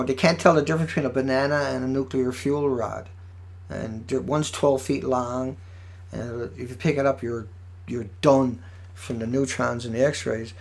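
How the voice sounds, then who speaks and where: A man's voice: medium pitch, gravelly. A man hosting an online show, delivering an agitated, rambling monologue that jumps between points and hits words hard.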